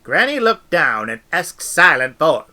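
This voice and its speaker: A man reading a novel aloud with expressive, animated storytelling. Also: on the high side, a little slow. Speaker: audiobook reader.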